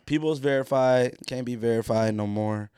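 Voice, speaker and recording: A man co-hosting a podcast in casual chat, his voice hoarse from losing it, laid-back and joking with plenty of slang. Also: medium pitch, normal speed, dark tone, no room sound, clean studio sound. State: hoarse, lost voice. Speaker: podcast co-host.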